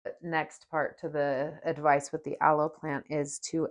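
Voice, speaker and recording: A woman with a notably low voice hosts a spiritual podcast in a soft, dreamy way. She takes her time over every phrase and leads a gentle guided meditation. Now and then her voice sinks to a near-whisper. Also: little pitch movement, a little slow. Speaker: podcast host.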